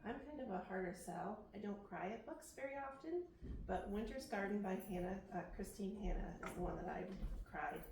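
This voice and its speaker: A woman's voice: medium pitch, fairly quick. Pennsylvania woman, author, candid and wry, far off, roomy, noisy. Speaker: author on a panel. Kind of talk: panel discussion. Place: library meeting room.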